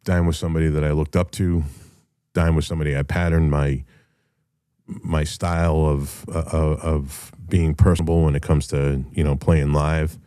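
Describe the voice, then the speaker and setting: A man's voice: rumbling low, flat delivery, moderate pace, warm tone, smooth, no echo, clean studio sound. A middle-aged man, a rock musician hosting a show, talking in a casual solo monologue, blunt, profane and passionate, rambling with restarts.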